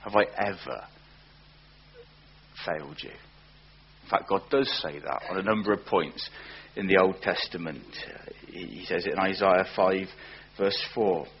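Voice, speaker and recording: A man preaching a sermon, earnest, often slowing down and repeating words for emphasis. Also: low-pitched. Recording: dull lo-fi recording with faint hum.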